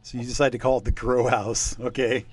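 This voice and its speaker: A man's voice: mid-range voice, level tone, fairly quick, slightly rough. A man running a tabletop game, talking casually with lots of hesitations and laughs. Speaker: game master.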